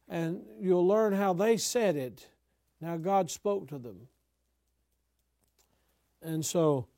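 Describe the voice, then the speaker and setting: An older man, a pastor, teaching other preachers in an emphatic style that breaks into sudden loud exhortations. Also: high voice, no echo, clean studio sound.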